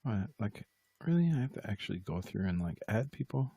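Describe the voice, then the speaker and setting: A man with a low, gravelly voice and a husky edge hosts a relaxed live stream from home. He rambles, jokes at his own expense and talks right to the chat. The sound is close and dry. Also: brisk, no room sound. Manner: rambling, self-mocking, talks straight to the chat. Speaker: livestream host and musician.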